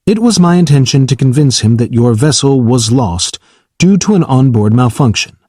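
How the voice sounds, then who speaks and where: A man voicing a calm, formal, self-aware battleship AI in an audiobook, speaking in a measured, precise, unflinching way. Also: mid-range voice, no room sound, studio quality, close to an everyday voice. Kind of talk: audiobook character reading.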